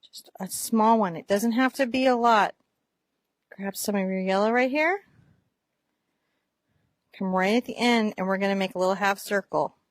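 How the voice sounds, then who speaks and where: A woman teaching a painting lesson step by step, gentle and encouraging as she talks through each brushstroke while she paints. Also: medium pitch, moderate pace, pauses often, dry recording. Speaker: art teacher.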